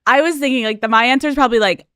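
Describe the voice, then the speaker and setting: A woman hosting a podcast, briskly asking game questions in a teasing, casual way and laughing along. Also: high voice, pushed and bright, clear, resonant tone, dry recording, studio quality. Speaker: podcast host.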